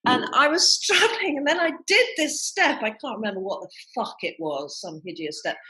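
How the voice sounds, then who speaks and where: Brief: female podcast host, candid and laughing, very lively pitch. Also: normal speed, hardly any pauses, low-quality recording. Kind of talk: casual chat.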